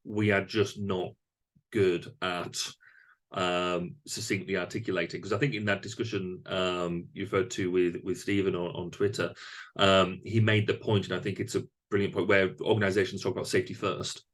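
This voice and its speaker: A man's voice: deep voice, level tone, normal speed. A man hosting a podcast interview, talking thoughtfully with frequent fillers and restarts. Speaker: podcast host. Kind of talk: conversational interview.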